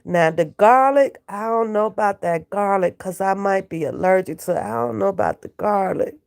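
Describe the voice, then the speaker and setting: Sick with a cold and lying in bed at home, a woman vlogger chats with her live stream audience, swearing and laughing as she banters. Her mid-range voice is creaky, with lively intonation at a normal speed.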